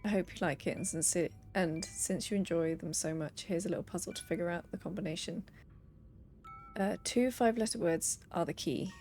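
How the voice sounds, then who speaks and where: A woman's voice: lowish voice, vocal fry, a little mellow. A young woman streaming a game, reading letters and notes aloud with playful asides.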